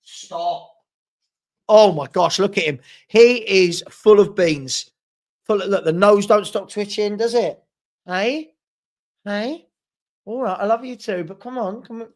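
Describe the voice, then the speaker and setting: A young man speaks with a high, bright pitch as he hosts a live football watchalong. He chats loosely into a desk mic in a room at home. He reads out viewer messages and answers them in a relaxed, running patter. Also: unhurried. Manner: chatty, reads out viewer comments, scolds a puppy. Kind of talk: casual live-stream chat.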